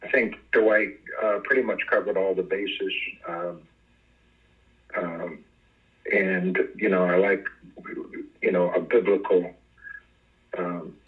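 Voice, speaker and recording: A man helping lead a Bible study, speaking in a deferential, unhurried way. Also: low voice, fairly even intonation. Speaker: study group co-leader. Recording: tinny phone line.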